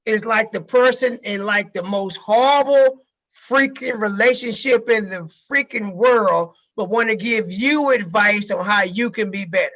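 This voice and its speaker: A man's voice: high-pitched, measured pace, a bit bright. A man giving a casual sales training talk to a group, emphatic and repeating key phrases, with casual swearing.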